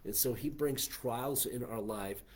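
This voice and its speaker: Casting: American male pastor, husky mid voice, earnest church sermon delivery. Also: medium pitch, unhurried, darkish tone. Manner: earnest preaching with frequent "uh" and "okay". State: coughing fits.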